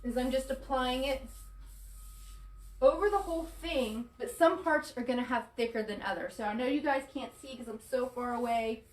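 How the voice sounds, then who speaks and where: A woman's voice: high voice, normal speed. Chatty woman demonstrating furniture painting. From Florida, US. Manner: chatty, apologetic, talks to viewers while working. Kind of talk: casual live demonstration.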